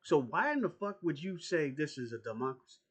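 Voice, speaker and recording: A man's voice: on the high side, very animated, brisk, breathy edge. A man delivering an angry, profane political rant as a YouTuber, confrontational and repeating his points.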